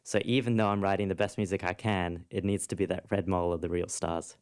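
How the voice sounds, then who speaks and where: Low, smooth-voiced male composer. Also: fairly even intonation, quick pace, darkish tone. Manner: thoughtful, explains at length. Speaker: composer, interview guest. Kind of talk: interview conversation.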